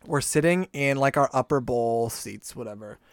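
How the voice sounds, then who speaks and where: A man's voice: medium pitch, moderate pace, smooth, dry recording. A young man in casual chat, telling stories with swearing and acting out the voices of people he quotes.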